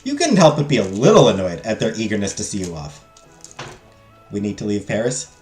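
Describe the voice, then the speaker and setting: A man reads a text game's narration aloud, breaking off for jokey, self-deprecating asides to his viewers. His pitch swings in a lively, animated way. The room sounds echoey, with faint music playing behind. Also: fairly quick. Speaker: streamer playing a text game. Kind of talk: let's play, reading game text and chatting with viewers. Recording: roomy echo, faint game music.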